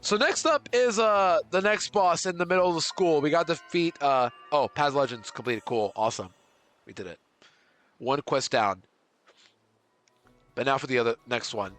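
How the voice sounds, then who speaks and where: Excitable guy streaming a game, kinda high bright voice, chatting w chat, faint game music. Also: moderate pace. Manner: excitable, swings from panicked exclamations to relaxed chatter with chat. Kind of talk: live gameplay commentary.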